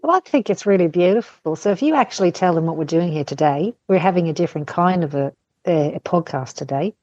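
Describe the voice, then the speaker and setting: A woman speaking as a podcast guest in casual chat, candid and searching for words, pausing and restarting. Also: fairly low pitch, expressive, a little mellow, no room sound, lo-fi sound.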